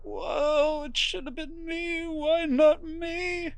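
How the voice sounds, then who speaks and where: A man's voice: very high voice, fairly even intonation, slow, gravelly, dry recording, pitched above the performer's own voice, exaggerated voice. A man voicing a grief-stricken middle-aged man who wails and sobs in despair in a narrative horror board game. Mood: anguished sobbing. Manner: wailing, anguished, breaking into shouts.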